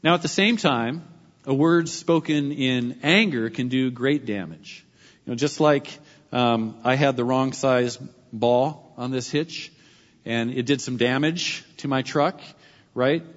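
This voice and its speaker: A man preaching a sermon as pastor, emphatic and repeating his key phrases slowly. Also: mid-range voice, long reverb tail, highs cut off.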